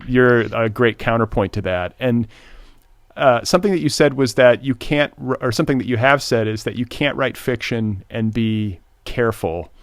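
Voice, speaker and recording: A man's voice: medium pitch, normal speed, no echo. A man hosting a podcast, asking long, winding questions full of fillers and restarts. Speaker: podcast host. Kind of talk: conversational interview questions.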